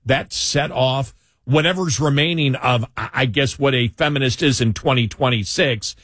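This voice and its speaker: A man's voice: medium pitch, normal speed, fairly bright tone, no echo, clean studio sound. Emphatic male talk-show co-host. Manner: emphatic, repeats himself, mocking asides. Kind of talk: opinionated talk-show banter.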